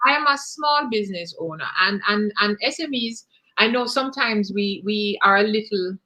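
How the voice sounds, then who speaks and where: A woman's voice: mid-range voice, normal speed, bright, forceful tone. A woman host with a Jamaican accent, encouraging listeners and restating her guest's points. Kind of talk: interview hosting.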